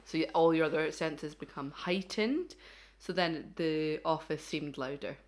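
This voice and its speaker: A woman's voice: sits low, a little slow. A woman co-hosting a podcast, chatting in a rambling way and laughing easily. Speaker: podcast co-host. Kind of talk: casual chat.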